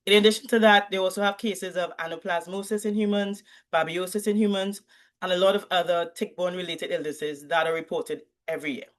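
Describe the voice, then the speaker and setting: A woman from Trinidad and Tobago, a university lecturer giving a clear, measured academic presentation over a video call. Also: lowish voice, steady tone.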